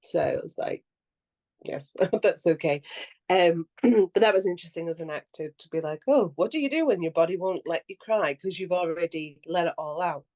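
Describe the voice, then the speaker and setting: A young woman with a slightly low voice chats casually on a podcast and tells stories with plenty of animation. She laughs freely and puts on little voices for the people in her stories. It sounds like relaxed, unscripted conversation between friends. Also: normal speed. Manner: animated storyteller who acts out quotes and laughs often. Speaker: actor and podcast co-host.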